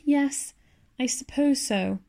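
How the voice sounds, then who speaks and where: A woman reading as a shy, gentle old farmer man in a storybook tale. He talks hesitantly and mildly, stammering at times, in a slightly raised, gravelly, mellow voice. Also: fairly high pitch, animated, moderate pace.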